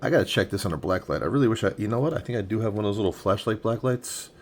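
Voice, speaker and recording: A man's voice: lowish voice, lively intonation, racing, a little hiss or hum. A man in his forties casually unboxing comics, thinking aloud with enthusiasm as he handles each one. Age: 40s. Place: home room with a tripod-mounted camera.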